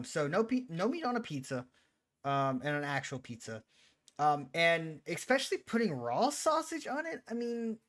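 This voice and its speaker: A man raised in Italy giving casual, opinionated reaction commentary, animated and quick to laugh. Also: on the high side. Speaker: reaction video host.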